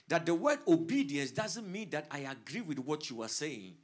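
A male pastor from Africa delivers a sermon to his congregation. His voice sits a little on the high side, and his fervent preaching swells from quiet prayer to full volume. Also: animated, normal speed. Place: church service streamed online.

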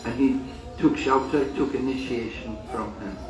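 A man, a swami, telling a devotional story as a sermon to pilgrims at a holy site, unhurried and full of restarts and acted quotes. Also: mid-range voice, fairly even intonation, distant mic, music in the background. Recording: echoey, voice from away from the mic.

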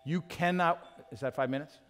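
A man's voice: on the high side, normal speed, fairly bright tone. A middle-aged man preaching a sermon as a pastor, candid and self-deprecating, acting out little talks with his wife. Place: church sanctuary. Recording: hall reverb from a church.

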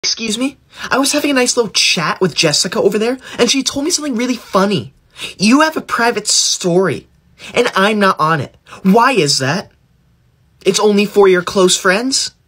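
A man's voice: sits high, animated, a bit bright, slightly rough, full character voice. A man playing a bossy, self-righteous schoolkid, a teacher's pet who lectures others and threatens to tell the teacher. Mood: preachy. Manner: preachy, whiny, quick to threaten to tell the teacher. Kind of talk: comedy sketch acting.

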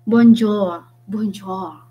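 A young adult woman with a Filipino accent chatting casually with viewers on her vlog, thinking aloud with lots of ums and pauses. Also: medium pitch, fairly even intonation, warm tone, lo-fi sound. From Philippines. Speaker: vlogger. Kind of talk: casual live-stream chat with viewers.

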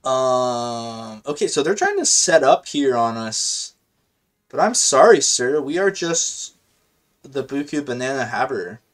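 A man of middle pitch talks through a match as he plays it. He is casual and slangy, and he jumps quickly between excitement and thinking out loud. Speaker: gaming video host. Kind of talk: casual live gameplay commentary.

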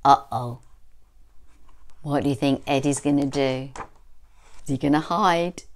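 A woman reading a storybook aloud to young children, slow and expressive, with gasps and questions to the listeners. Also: sits low, a little hiss or hum. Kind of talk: storytime reading for under-fives.

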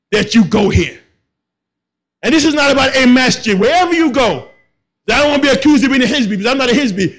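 High, bright-voiced preaching man. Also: rough recording. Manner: impassioned, shouting, repetitive. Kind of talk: sermon.

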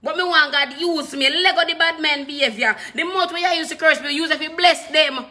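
A woman's voice: sits high, a little fast, sharp tone. A woman with a Jamaican accent preaching an impassioned sermon, hammering home repeated phrases and moving between patois and standard English.

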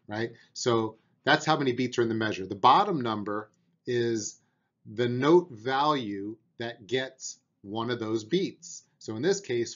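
A man's voice: medium pitch, lo-fi sound. A man teaching a beginner drum lesson, patiently explaining and counting out beats aloud, with an encouraging manner.

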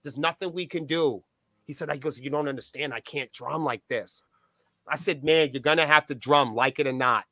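A man's voice: a little high, moderate pace, no room sound. A man who is a band's point of contact tells stories in a casual podcast interview, cursing freely and acting out the dialogue. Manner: profane, animated storyteller acting out dialogue.

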